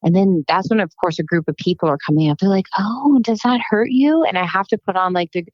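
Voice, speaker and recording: A woman guest on a casual podcast, telling animated stories and acting out what people said. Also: lowish voice, quick pace, dry recording. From United States. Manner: animated storytelling, acts out quotes. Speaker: guest, plastic surgeon. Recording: dull, muffled podcast recording.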